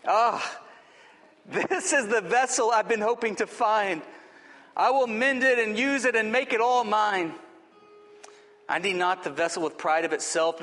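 A man's voice: high-pitched, a bit bright. A man reading the lines of a kind, resolute divine master from a rhyming poem in a sermon. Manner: tender, resolute. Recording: long hall reverb.

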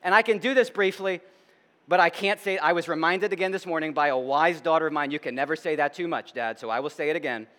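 A middle-aged male pastor preaching a sermon, moving between loud emphatic declarations and hushed reflection, with conversational asides. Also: fairly high pitch, fast, long reverb tail. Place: church sanctuary.

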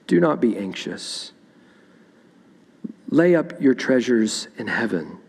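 A man's voice: medium pitch, big pitch swings, takes it slowly, vocal fry, pauses often, a little mellow, breathy edge. Man preaching in a reverberant church. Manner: expository preaching, reading scripture aloud. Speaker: pastor. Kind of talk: sermon. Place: church sanctuary.

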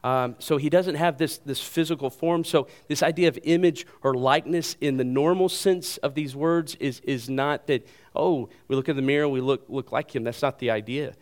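A male pastor delivering a sermon in an earnest, emphatic way, repeating key phrases and pausing for weight. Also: mid-range voice.

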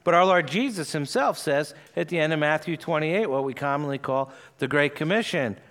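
A man's voice: a little high, brisk, fairly bright tone. A man preaching an expository sermon, explaining the passage and reading scripture aloud with earnest emphasis.

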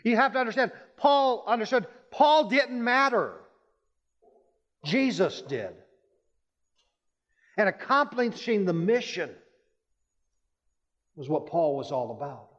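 A man delivering a sermon, his voice a little higher than most men's, rising with emphasis as he tells stories. The recording is muffled and dull, with a long hall reverb behind him. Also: sing-song, takes it slowly, pauses often, a bit bright. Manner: storytelling, emphatic rises in pitch. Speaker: Baptist pastor.

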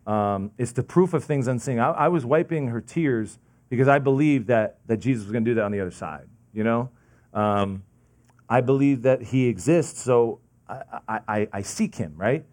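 A young man preaching a sermon, telling a personal story in a casual, halting way, full of fillers and restarts. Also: mid-range voice, darkish tone. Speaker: pastor.

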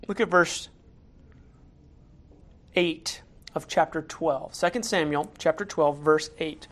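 A man's voice: on the high side, slow, long pauses. Male pastor, casual sermon delivery, chatty storyteller with frequent fillers and restarts. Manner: conversational, acts out quotes in raised voices, many fillers.

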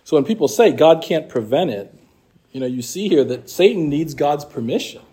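High-voiced man teaching a Bible class. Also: animated, moderate pace, dark tone, breathy edge. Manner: conversational, explains scripture and reads passages aloud. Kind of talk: apologetics class lecture.

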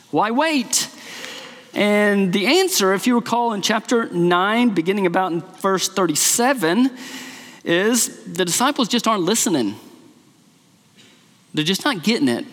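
Male pastor with a high voice, earnest rhetorical preaching, recorded in a reverberant church. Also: a bit bright. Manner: earnest teaching with rhetorical questions. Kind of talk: sermon. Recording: long hall reverb.

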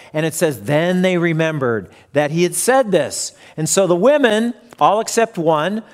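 A man preaching a sermon, retelling a story and briefly acting out the voices in it. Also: sits high. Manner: storytelling, acts out quoted voices. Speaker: pastor.

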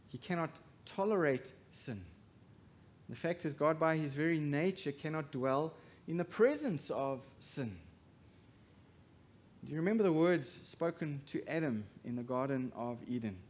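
A man preaching a sermon as pastor, swinging from hushed to loud emphasis and asking the congregation rhetorical questions. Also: a little high, expressive, a little slow.

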